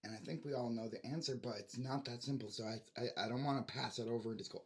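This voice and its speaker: A man's voice: mid-range voice, brisk. A man talks straight to his camera in a long, rambling rant. He sounds frustrated, swears freely and keeps restarting his sentences. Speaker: vlogger.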